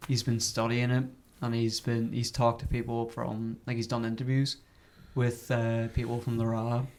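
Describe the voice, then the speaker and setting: Relaxed man. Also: medium pitch, normal speed. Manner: relaxed, hesitant, frequent fillers. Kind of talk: casual chat. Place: a home flat.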